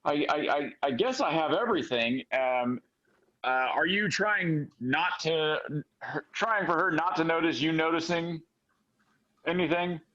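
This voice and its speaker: A man's voice: fairly high pitch, a little slow, bright, forceful tone, muffled recording. A man voicing a flustered, grieving young woman who stammers nervously.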